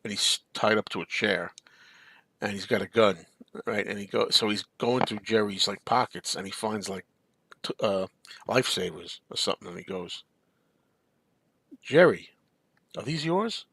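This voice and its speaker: A man's voice: on the low side, steady tone, normal speed, gravelly, bright, forceful tone, breathy edge. A man hosting a casual live-stream chat, rambling and answering viewer comments. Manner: rambling, chatty, reads viewer comments aloud. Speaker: show host.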